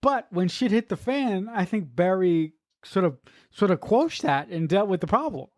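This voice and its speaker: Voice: medium pitch, lively intonation, normal speed, no echo. Emphatic podcast co-host, dry close sound. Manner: emphatic, swears freely, repeats words. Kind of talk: casual movie review chat.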